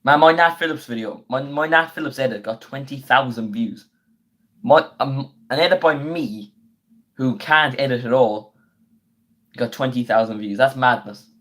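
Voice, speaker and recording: Slangy young man, voice half gone. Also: medium pitch. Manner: chatty and slangy, bursts into quick excited play-by-play. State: voice going hoarse. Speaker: football watchalong streamer. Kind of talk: casual live stream chat with match commentary.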